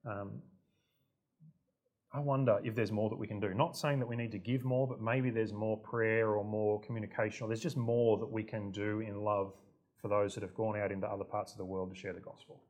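A man's voice: on the low side, fairly even intonation, a little fast, a little mellow. A man preaching a sermon to his congregation, chatty and self-deprecating, often stepping into the voices of the people in his stories. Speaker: pastor.

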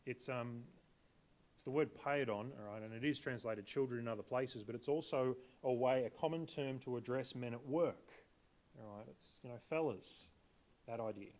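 Male preacher, mid-pitched, chatty sermon delivery that poses questions to the congregation. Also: normal speed, darkish tone. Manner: conversational, asks the congregation questions.

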